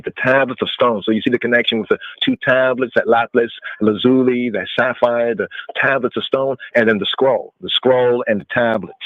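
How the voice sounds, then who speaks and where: A man's voice: mid-range voice, no echo. A man hosting a call-in radio Bible study, explaining scripture and often checking in with "right?" while mixing in Hebrew terms. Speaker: radio show host teaching Torah. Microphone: call-in phone line. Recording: phone-like narrow band, dry.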